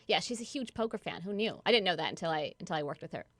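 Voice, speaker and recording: Woman, bright tone, animated storyteller, laughs a lot, dry studio sound. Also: lowish voice, very fast, dry recording. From New York. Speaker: actress and producer, guest. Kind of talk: casual interview chat. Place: podcast studio.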